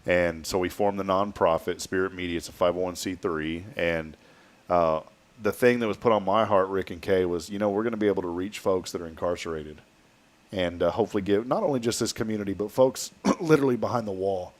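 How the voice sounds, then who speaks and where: An easygoing man hosts a morning talk show in a relaxed, folksy way. His voice sits a little low, and he chats with guests and callers with a laugh never far off. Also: fairly quick. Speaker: show host. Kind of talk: casual morning show chat.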